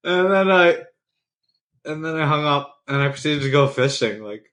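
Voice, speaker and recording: A man's voice: on the high side, animated, takes it slowly, a bit bright, slight background noise. A man co-hosting a casual podcast, telling a story from his weekend in an easygoing, joking way and laughing at himself. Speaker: podcast co-host.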